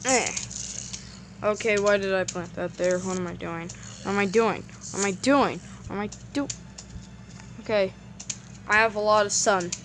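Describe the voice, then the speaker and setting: A woman giving casual gameplay commentary, excitable and rambling, often repeating words when flustered. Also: mid-range voice, moderate pace, pauses often, a little hiss or hum.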